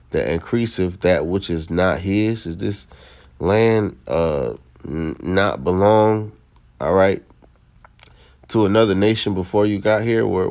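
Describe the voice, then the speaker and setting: A man's voice: low-pitched, darkish tone. A man teaching a scripture lesson in a preachy way, reading verses aloud and checking in with his listeners again and again. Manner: preachy, repeats "all right?".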